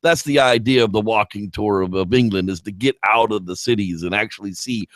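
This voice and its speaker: A man's voice: fairly low pitch, fairly quick, no echo, clean studio sound. A man co-hosting a movie review show in casual, rambling chat, swearing freely and launching into impressions. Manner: lively, rambling, swearing, jumping into voices.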